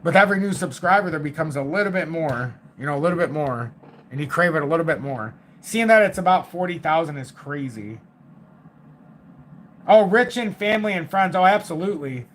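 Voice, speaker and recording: A man in his forties hosting a casual crypto live stream, talking through charts in an excitable, emphatic way with fillers and the odd swear word. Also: a little high, a little fast, slight background noise. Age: 40s.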